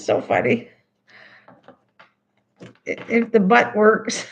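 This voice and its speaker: A woman's voice: mid-range voice, moderate pace, vocal fry. An older woman hosting a crafting livestream, chatting casually and laughing as she talks to her cat and viewers. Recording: dull lo-fi sound.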